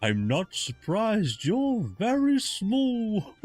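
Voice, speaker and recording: A man's voice: high-pitched, wildly swooping pitch, darkish tone, dry recording, faint music behind, pitched above the performer's own voice, exaggerated voice. A man voicing a jokey old bugbear barkeep. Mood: teasing. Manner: jokey, sing-song, drawn-out emphasis. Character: huge old male bugbear barkeep, teasing and chatty.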